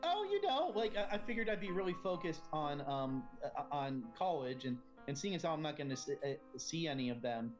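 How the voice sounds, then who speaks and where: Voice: medium pitch, sing-song, a little fast, few pauses, muffled recording, soft background music, natural voice. A player voicing a shy teenage boy who stammers and hesitates a lot. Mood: awkward.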